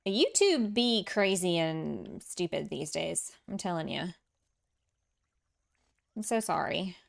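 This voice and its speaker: A woman's voice: lowish voice, expressive, slow, vocal fry. A woman streamer chatting casually with her viewers as she builds in a farming game, reading their comments aloud, laughing often and poking fun at herself. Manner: chatty, self-deprecating, laughs often, reads and answers chat aloud. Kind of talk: casual livestream chat while building. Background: soft game music.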